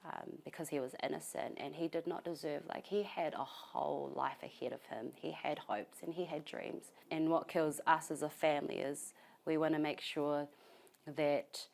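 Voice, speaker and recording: A young woman, grieving and giving an interview at her family home, speaking softly and haltingly with many pauses. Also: deep voice, fairly even intonation, vocal fry. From New Zealand. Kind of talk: emotional interview testimony.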